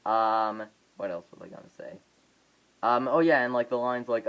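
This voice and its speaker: A man's voice: medium pitch, moderate pace, fairly bright tone, smooth, low-quality recording. A man talking into his phone camera in a loose, unscripted vlog. He rambles, stalls on fillers and restarts his sentences, with a mid-range voice. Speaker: vlogger reviewing a film. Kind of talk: casual off-the-cuff review.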